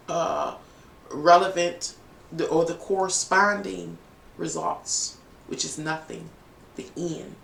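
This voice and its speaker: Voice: medium pitch, creaky, fairly bright tone. A tarot reader giving a casual, emotional reading to viewers, emphatic and rambling with many fillers. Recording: echoey room, voice far from the mic, faint noise.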